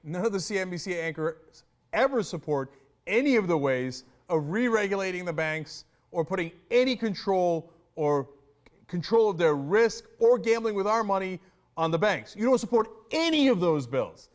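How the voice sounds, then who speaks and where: A man giving animated, sarcastic political commentary and mocking the people he discusses. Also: high-pitched, moderate pace. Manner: mimics others in exaggerated voices.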